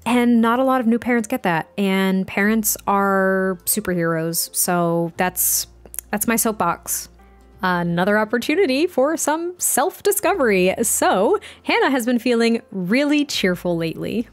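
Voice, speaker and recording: A young woman chats through her life-sim gameplay, exclaiming and correcting herself as she goes. Her pitch sits at an ordinary middle level, and soft music plays faintly behind her. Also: expressive, measured pace. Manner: chatty, exclaiming, self-correcting. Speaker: let's play host. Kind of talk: casual gameplay commentary. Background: faint background music.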